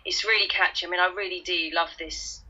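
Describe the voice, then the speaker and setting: A woman's voice: on the low side, steady tone, a little fast, sharp tone, slightly rough, highs cut off. A woman with a Kentish London accent, guest co-hosting a radio show in casual, chatty, giggly banter. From England. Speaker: guest co-host.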